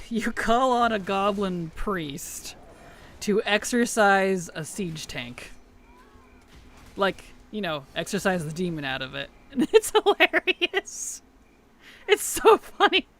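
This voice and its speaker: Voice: medium pitch, a bit bright. A streamer chatting casually while playing, laughing often and answering questions from chat.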